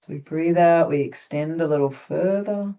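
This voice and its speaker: An instructor with an Australian accent calmly guiding a group through stretches, gently instructive with light touches of humor. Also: mid-range voice, normal speed, muffled recording. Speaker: movement instructor. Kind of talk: guided stretching class.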